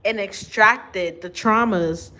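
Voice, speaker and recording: Slow, deliberate woman giving spiritual talk. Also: medium pitch, sharp tone. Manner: slow, deliberate, with long pauses and restarts. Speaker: spiritual reader and vlogger. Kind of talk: unscripted spiritual monologue to camera.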